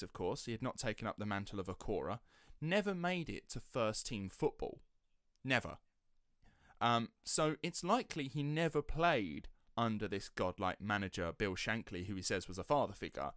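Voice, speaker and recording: A man's voice: mid-range voice, fairly bright tone, no room sound, clean studio sound. Sceptical man hosting a podcast. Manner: chatty, sceptical, slips into quoted voices. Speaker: podcast host. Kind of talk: casual storytelling chat.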